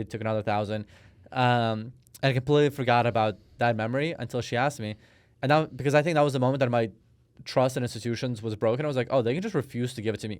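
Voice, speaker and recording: A man in his thirties, born in Russia, talks through his story as a podcast guest, stopping and restarting often. His voice is smooth and clear. The mic is close and the sound is dry, with no room around it. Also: medium pitch, no echo. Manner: storytelling, hesitant with many restarts and fillers. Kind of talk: conversational interview.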